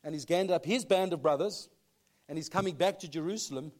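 An animated pastor preaching to his congregation in a church hall. His voice sits fairly high for a man, and he keeps checking in with a quick "okay?" as he reads and explains scripture. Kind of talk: sermon with Bible reading.

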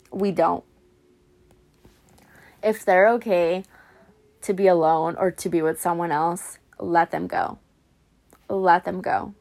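A young woman vlogging heartfelt advice about letting go after a breakup, earnest and repetitive, calling the listener honey. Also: lowish voice. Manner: earnest, repeats phrases for emphasis, calls listener honey. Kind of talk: emotional pep talk to camera.

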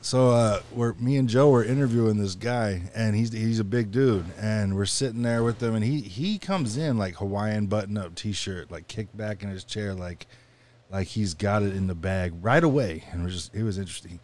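A man's voice: on the low side, moderate pace, a little mellow, a little hiss or hum. A man chatting casually with friends, telling stories, laughing a lot and swearing freely. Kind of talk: casual chat among friends.

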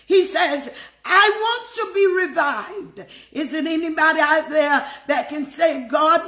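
A woman's voice: sits high, sharp tone, reverberant. A woman leading a devotional sermon, fervently praying aloud and repeating her phrases. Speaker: devotional teacher. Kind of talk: prayerful sermon on scripture.

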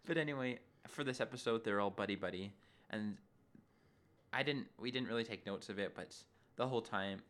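A man in casual chat recapping a show episode, animated and acting out the characters in exaggerated voices, his voice low this early in the morning. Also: a little fast. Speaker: podcast co-host.

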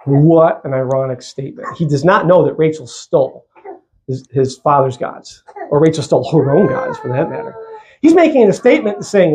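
A male pastor preaching a sermon in a church, lively and conversational, with jokey asides. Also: fairly high pitch, normal speed.

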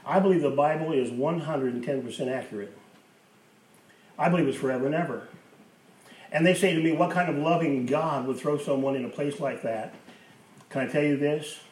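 A man's voice: fairly high pitch, brisk, long pauses, darkish tone. A man preaching a sermon as pastor, emphatic, repeating key phrases for effect. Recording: roomy, distant mic with faint hiss.

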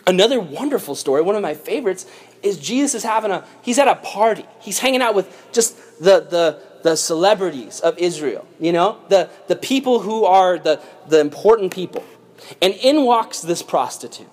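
A young adult man preaching a casual, lively youth sermon. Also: high voice, normal speed. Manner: lively, casual storytelling with slang. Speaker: youth pastor.

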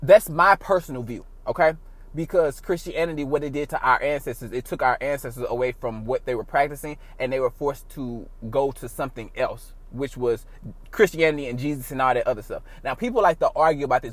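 A man hosting his own podcast, talking casually in a rambling, profane way with big swings in loudness. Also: medium pitch, fairly quick, no echo. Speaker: podcast host. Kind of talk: casual solo podcast monologue.

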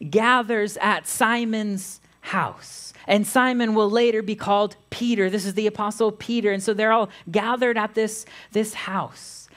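A woman pastor giving a sermon, reading scripture aloud in a measured way. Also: mid-range voice.

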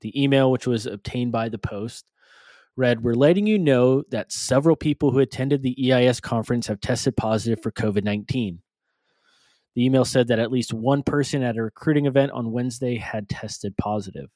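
A man's voice: medium pitch, fairly quick, warm tone, dry recording. A man co-hosting a casual podcast, reading news stories aloud with stumbles and joking asides.

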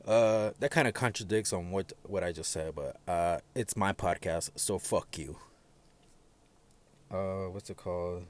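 A young man talking casually on his own podcast from his parked truck, frank and profane, stumbling over fillers and restarts and getting loud and heated when he rants. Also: low voice, unhurried. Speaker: podcast host. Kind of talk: casual solo venting podcast.

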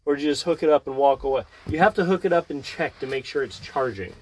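A man's voice: a little high, fast, a little mellow, no room sound. A man hosting a casual podcast, teasing and wry as he chats. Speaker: podcast host. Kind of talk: casual chat. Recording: faint background hiss.

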